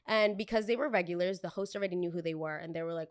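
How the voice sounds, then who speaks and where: A young woman hosting a podcast, telling a work story in a chatty, animated way and acting out the people in it. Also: fairly low pitch, fast, hardly any pauses, no room sound, clean studio sound. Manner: chatty, animated, acts out every voice in the story, curses freely. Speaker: podcast host. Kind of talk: casual storytelling.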